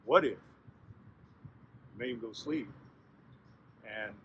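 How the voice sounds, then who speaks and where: A man's voice: fairly low pitch, takes it slowly, a bit bright, lo-fi sound, a little hiss or hum. A man voicing a hungry, cautious male wolf in a spoken folk tale. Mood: scheming. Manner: cautious, scheming.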